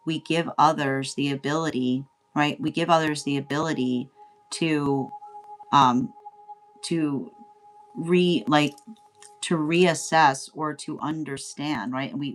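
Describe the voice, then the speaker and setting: A woman giving a casual spoken tarot reading, rambling and often asking "right?" as she laughs along. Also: low-pitched. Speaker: tarot reader.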